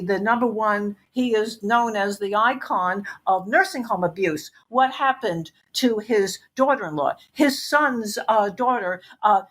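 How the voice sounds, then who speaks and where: A woman's voice: a little high, a bit bright. A woman interview guest giving intense, emphatic testimony, repeating phrases for weight.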